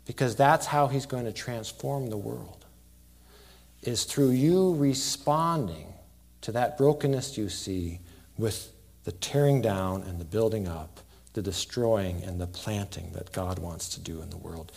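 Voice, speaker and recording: Earnest pastor swinging loud to hushed. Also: male voice, lowish voice, measured pace, vocal fry. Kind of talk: sermon.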